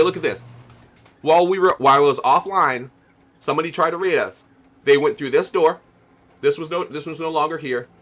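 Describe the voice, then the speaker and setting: A man's voice: a little high, fairly bright tone. Chatty male game streamer. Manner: chatty, laughing, thanks viewers as he plays. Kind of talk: casual livestream chat.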